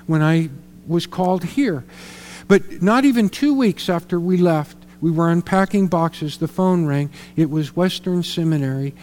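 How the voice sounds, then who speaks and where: High-voiced pastor preaching in a hall. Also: male voice, a little mellow. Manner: storytelling, earnest, repeats words when emphatic. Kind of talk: sermon. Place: church sanctuary.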